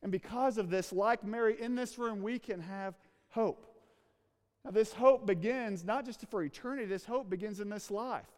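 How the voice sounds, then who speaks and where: High-voiced earnest preacher in a hall. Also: male voice. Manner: earnest, slows and drops to a hush for emphasis. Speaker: pastor. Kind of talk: sermon. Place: church room with a congregation. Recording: long reverb of a large hall.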